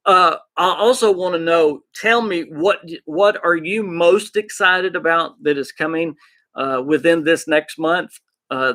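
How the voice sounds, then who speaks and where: A man with an Arkansas Southern accent hosting a gaming podcast, chatting excitedly and rambling as he talks to his live chat. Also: fairly high pitch. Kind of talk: casual live-stream chat.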